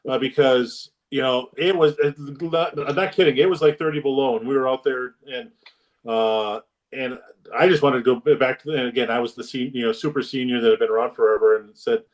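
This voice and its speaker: A man's voice: mid-range voice, brisk. Rambling man, far from the mic. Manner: rambling, many restarts and fillers. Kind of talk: casual storytelling chat.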